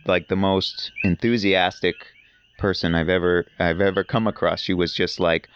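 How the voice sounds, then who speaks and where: A man's voice: deep voice, fairly even intonation, moderate pace, muffled recording, slight background noise. A man talking as a podcast guest in casual conversation, telling rambling, enthusiastic stories.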